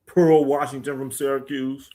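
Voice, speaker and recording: Man, sports stream host, casual banter, joking, loud bursts, mid-pitched voice. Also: moderate pace. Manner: loose, joking, animated bursts. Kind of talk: casual chat reading live comments.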